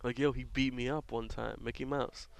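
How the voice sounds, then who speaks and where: A man's voice: medium pitch, flat delivery, normal speed, creaky, no room sound. A man doing casual, rambling play-by-play for a local baseball game, drifting into offhand jokey asides.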